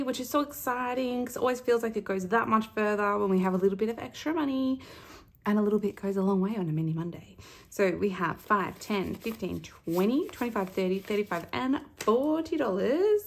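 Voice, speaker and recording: A woman's voice: medium pitch, a little fast. A woman with an Australian accent hosting a chatty budgeting vlog, bubbly as she counts out cash and rolls dice. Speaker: budgeting vlogger. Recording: loud background noise.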